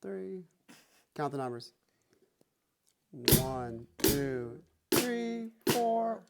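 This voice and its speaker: A man's voice: a little high, big pitch swings, very slow, creaky. A man teaching drums in a music lesson, talking plainly and counting beats aloud as he plays. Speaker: drum teacher. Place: music room with drum kit. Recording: drums loud behind the voice.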